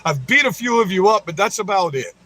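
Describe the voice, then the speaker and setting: His voice sits high, pushed and bright, and he talks a little fast with lots of animation. Hosting a livestream, he fires a profanity-laden, heated rant at his audience, repeatedly tossing in "you know what I mean."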